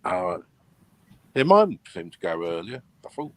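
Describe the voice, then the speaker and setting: A man's voice: low-pitched, big pitch swings, moderate pace, a bit bright. A man in a casual online group chat, talking in an easygoing, hesitant way.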